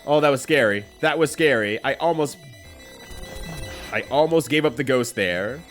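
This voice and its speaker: A man's voice: medium pitch, expressive, normal speed, music in the background. A man chatting casually with his viewers while playing a game, laughing often. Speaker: streamer. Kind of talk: casual gameplay commentary.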